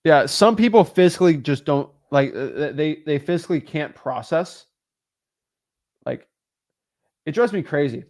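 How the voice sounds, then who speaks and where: A man's voice: on the high side, animated, normal speed, long pauses, darkish tone. Emphatic man coaching on a livestream. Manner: emphatic, motivational, casual. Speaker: real estate wholesaling coach. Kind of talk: livestream chat answering viewer comments.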